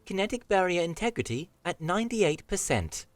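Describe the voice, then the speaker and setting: A man voicing the calm female computer voice of a suit, which makes clinical status announcements. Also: high-pitched, fairly quick, dry recording, voice pushed up.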